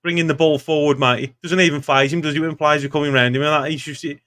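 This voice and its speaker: A man hosts a football fan phone-in in an upbeat, easygoing way, dropping "mate" into almost every sentence. His voice sits a little high. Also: fairly even intonation, fast talker, fairly bright tone. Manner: upbeat, says "mate" constantly. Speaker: phone-in host. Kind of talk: casual phone-in hosting.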